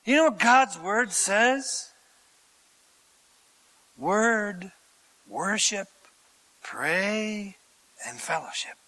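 A male pastor giving a conversational, theatrical sermon. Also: high voice. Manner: animated, theatrical, conversational preaching.

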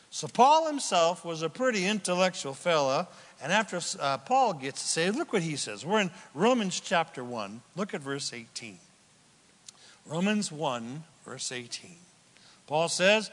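A high-voiced man preaching to his congregation, his delivery animated and dramatic. He leaps from loud, excited exclamations down to soft, hushed asides. His voice carries with a long reverb through a large hall. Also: slow. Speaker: pastor. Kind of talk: sermon.

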